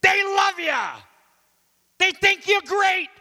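Man doing a gruff pushy stagehand, shouting, coaxing, high strained voice, long reverb. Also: expressive, slow pace, heavily acted. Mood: coaxing loud.

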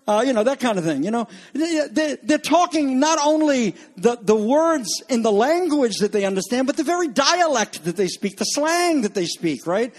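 A man's voice: extremely high pitch, sing-song, moderate pace, hardly any pauses. A man preaching a sermon to a congregation, talking in a conversational, joking way with asides to the listeners. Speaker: pastor.

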